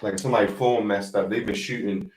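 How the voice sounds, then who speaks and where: A man hosting a radio interview, asking questions in a relaxed, conversational way. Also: lowish voice, fast. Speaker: radio host. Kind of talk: casual interview chat. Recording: roomy echo.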